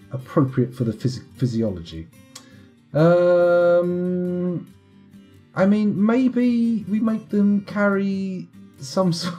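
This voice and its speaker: A man chats his way through a live game stream in a mellow, relaxed voice, wandering off into wry jokes at his own expense. Soft guitar music plays quietly underneath. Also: medium pitch. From United Kingdom. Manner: rambling, wry, self-mocking asides. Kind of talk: casual live gameplay commentary.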